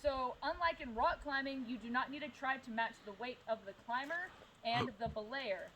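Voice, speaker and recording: A woman's voice: high voice, normal speed, fairly bright tone, slight background noise, low-quality recording. A woman instructing a group outdoors on belaying, explaining things plainly and step by step. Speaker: climbing instructor. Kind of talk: outdoor safety demonstration.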